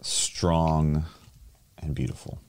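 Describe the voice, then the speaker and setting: A man's voice: very deep voice, flat delivery, drawn-out words, vocal fry, a little mellow, clean tone, dry recording. A man as a podcast guest, easygoing and lightly joking in casual chat.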